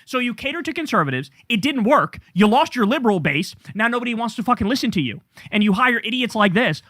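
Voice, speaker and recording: A man with a fairly high voice delivers heated, profane political commentary, reading out quoted posts and then tearing into them with sarcasm. The sound is dry and close, with no room echo. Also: bright, forceful tone. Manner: angry, profane, sarcastic ranting; reads quoted posts aloud then reacts.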